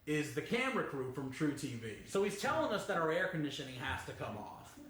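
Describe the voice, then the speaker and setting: A man hosting a reaction video, telling a long backstory in a casual, animated way and often laughing mid-sentence. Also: fairly high pitch, fairly quick, reverberant, slight background noise.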